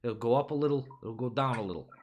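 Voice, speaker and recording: A man's voice: mid-range voice, fast talker, heavy background noise. Profane ranting male podcast host. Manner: ranting, profane, conspiratorial, rhetorical questions. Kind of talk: casual political podcast rant.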